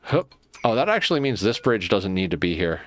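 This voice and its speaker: A man's voice: lowish voice, very animated, a little fast. A man streaming a colony-building game, talking to himself in a casual, muttering way as he plans and fixes things. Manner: muttering to himself while planning. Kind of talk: casual gameplay commentary.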